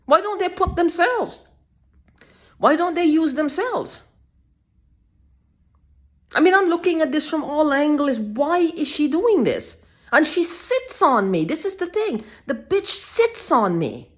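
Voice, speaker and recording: A woman in an agitated personal video monologue, halting and repetitive, with frequent swearing and repeated phrases. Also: high-pitched.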